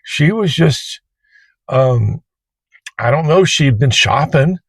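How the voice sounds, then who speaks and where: A man's voice: fairly high pitch, lively intonation, slow pace, creaky, breathy edge, dry recording. Plain-spoken man telling a story from his car. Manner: plain-spoken, colloquial, rambling. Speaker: Uber driver and vlogger. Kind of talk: casual storytelling to camera. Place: inside a parked car.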